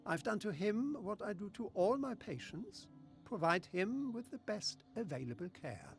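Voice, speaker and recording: A man's voice: high voice, very animated, moderate pace, soft background music. An actor playing a smug, scheming male doctor with a German accent, speaking in a patronizing, condescending way in video game dialogue.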